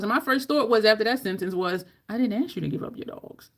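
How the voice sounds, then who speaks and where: A woman makeup vlogger chatting casually through a tutorial, animated, swearing and laughing as she acts out the people in her story. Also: medium pitch, quick pace.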